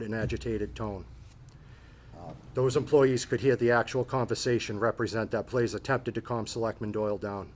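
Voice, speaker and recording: A man chairing a town board meeting, reading findings of fact in a measured, formal and procedural way. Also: fairly low pitch.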